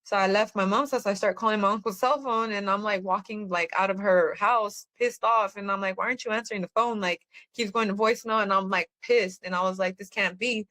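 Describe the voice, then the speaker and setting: A woman's voice: mid-range voice, fairly even intonation, brisk, few pauses, fairly bright tone. Earnest woman telling a personal story. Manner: earnest, rambling storytelling with many fillers. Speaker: podcast guest. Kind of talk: personal testimony in conversation.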